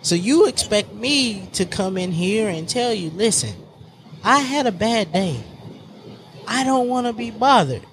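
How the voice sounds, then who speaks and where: A man chatting casually as a podcast co-host, animated and slangy, swearing freely and acting out the voices he quotes. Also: very high-pitched, a little hiss or hum. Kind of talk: casual group chat.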